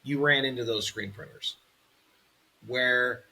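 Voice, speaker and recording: A man hosting a podcast, chatting casually in an animated, rambling way and laughing easily. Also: medium pitch, takes it slowly. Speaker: podcast host.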